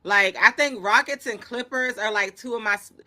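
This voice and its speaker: A woman hosting a casual sports show, reacting with excitable, slangy chatter. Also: a little high, moderate pace. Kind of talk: casual sports commentary chat.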